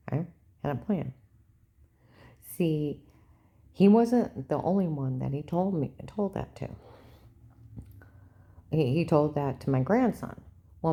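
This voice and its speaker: Older woman vlogger, low mellow voice, agitated and repetitive monologue. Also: creaky. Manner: agitated, repetitive, keeps asking "okay?". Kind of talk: rambling personal monologue.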